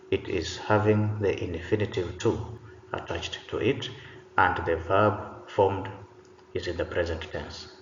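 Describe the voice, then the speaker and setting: A man teaching an English pronunciation lesson, speaking slowly and deliberately and saying each example word twice. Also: low-pitched. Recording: roomy, dull sound with faint noise.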